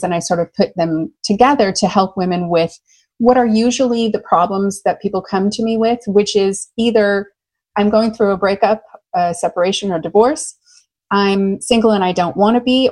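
American woman guest, upbeat animated storyteller, mid pitch, casual interview. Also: brisk, rough recording. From United States. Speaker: love coach guest.

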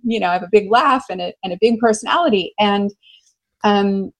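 An American woman working as a love coach, telling stories in an enthusiastic, expressive way during an interview. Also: medium pitch, brisk, rough recording. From United States. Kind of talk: conversational interview.

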